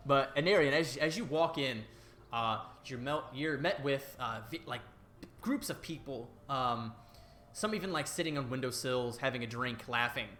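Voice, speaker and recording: A man's voice: mid-range voice, moderate pace, a bit bright, a little hiss or hum. A man narrating as game master over a video call, loose and rambling with plenty of fillers. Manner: loose and rambling, many fillers, laughs easily. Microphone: headset on a video call.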